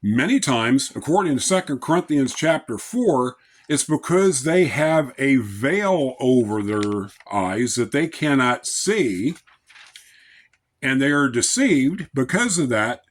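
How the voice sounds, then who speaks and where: Calm, measured male devotional speaker. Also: medium pitch. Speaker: Christian lay speaker. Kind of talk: informal devotional talk.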